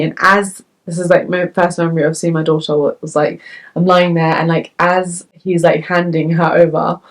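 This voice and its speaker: A young woman vlogger telling her story to the camera in a candid, chatty way, full of fillers, from the United Kingdom. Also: lowish voice. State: tearful.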